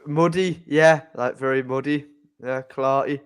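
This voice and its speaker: A man's voice: medium pitch, steady tone, a little slow, smooth. A man with a Geordie accent, co-hosting a casual live stream chat and teasing his friends. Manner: playful, teasing. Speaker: co-host.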